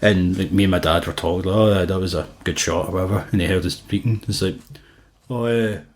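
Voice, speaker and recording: A man's voice: sits low, fairly even intonation, fast. A young Scottish man with a Glasgow accent, co-hosting a casual podcast chat and telling stories with lots of laughter and acted-out quotes. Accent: Glaswegian Scottish. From Scotland. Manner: laughing storyteller, acts out quotes. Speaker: podcast co-host.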